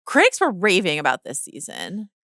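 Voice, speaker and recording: A woman co-hosting a podcast in casual chat, tossing in jokes and quick asides. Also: lowish voice, huge pitch swings, sharp tone, no echo, clean studio sound. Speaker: podcast co-host.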